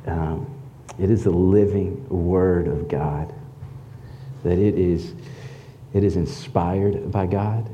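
A man sharing a personal faith testimony in an earnest, halting way, with many fillers and restarts. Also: low-pitched, dark tone, slight background noise.

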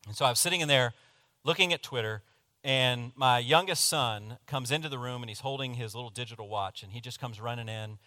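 Male pastor, sermon storytelling, sharp bright voice, dry close sound, animated. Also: medium pitch, brisk, no echo. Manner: animated, confessional, swings from hushed to loud.

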